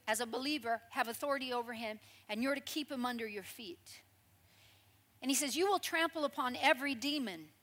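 A woman preaching a sermon in a lively, conversational storytelling way, with frequent asides to the congregation. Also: high-pitched.

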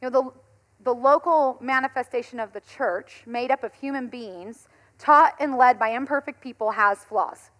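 A woman in her thirties, a pastor giving a conversational sermon, telling stories in an animated way and laughing often. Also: high voice, normal speed.

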